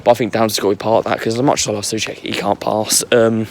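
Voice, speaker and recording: A young man with a voice going hoarse, recapping a football match in casual rambling chat while walking outside at night. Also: lowish voice, little pitch movement, fast talker, a little mellow, a little hiss or hum. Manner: rambling, filler-heavy fan chat. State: losing his voice. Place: walking on a street at night outdoors.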